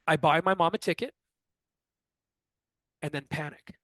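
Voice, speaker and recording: Middle-aged male interview guest, an animated storyteller with a fairly high voice, recorded dry. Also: a little slow, no room sound. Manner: lively, acts out others' lines in quotes. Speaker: astrologer guest.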